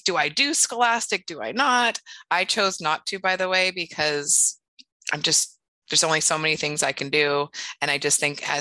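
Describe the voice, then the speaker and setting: A middle-aged woman teacher from Canada giving a candid, animated, self-deprecating conference talk. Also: lowish voice, dry recording.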